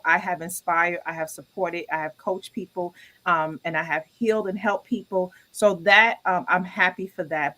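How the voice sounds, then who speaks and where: An animated woman co-host tells stories in casual chat. She is candid and self-critical, with lively turns of phrase. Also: fairly low pitch, low-quality recording.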